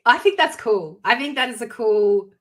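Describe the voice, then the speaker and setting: A woman co-hosting an entertainment live stream, chatting in a casual, expressive way with emphatic reactions. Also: on the high side, moderate pace, very noisy. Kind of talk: casual chat.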